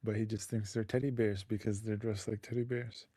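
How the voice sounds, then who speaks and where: Male podcast co-host with a slightly low voice and a dry sound, narrating an improvised story in an easygoing way. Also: flat delivery, a little fast, warm tone, no room sound.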